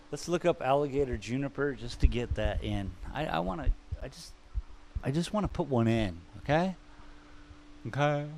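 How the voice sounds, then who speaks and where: A man's voice: medium pitch, moderate pace, darkish tone, a little hiss or hum. A man streaming live as he paints, thinking aloud in a rambling, self-mocking way and chatting with viewers. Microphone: microphone.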